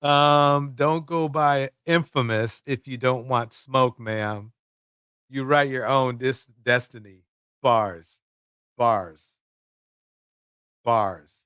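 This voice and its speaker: A man's voice: mid-range voice, slow, long pauses, fairly bright tone, clean tone, dry recording, studio quality. A man hosting a live stream, joking and mocking his guest's story and laughing often. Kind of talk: casual commentary.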